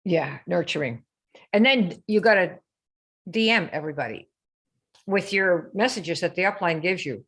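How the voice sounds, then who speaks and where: This woman coaches sales live online in a fairly low, fairly bright voice that's animated and brisk. Rhetorical questions pour out at the audience, and she lampoons typical sales posts with a sing-song delivery when quoting them.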